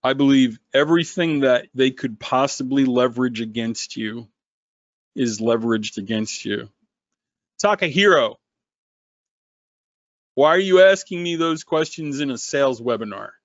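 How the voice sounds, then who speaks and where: A man who founded a company, running a sales webinar in an animated, sarcastic way. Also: dry recording, lo-fi sound. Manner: animated, sarcastic, quick swings in pitch.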